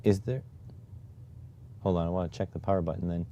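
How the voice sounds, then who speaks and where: A man's voice: low voice, steady tone, a little fast, warm tone, highs cut off, slight background noise. A man from Canada chatting casually on a live stream, muttering to himself while typing and reading chat. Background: keyboard typing.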